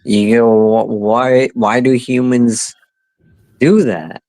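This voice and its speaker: A man telling a story in casual talk, halting and restarting often. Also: medium pitch, fairly even intonation, a little mellow, no room sound. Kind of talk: casual chat.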